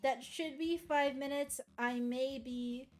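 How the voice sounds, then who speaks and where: A woman streamer chatting at her desk, her voice sitting a little high. She rambles, swears and laughs at herself, sounding tired and overheated. Faint music plays under her voice. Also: steady tone, slow. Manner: rambling, self-deprecating, swears and laughs often. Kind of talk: casual live-stream chat.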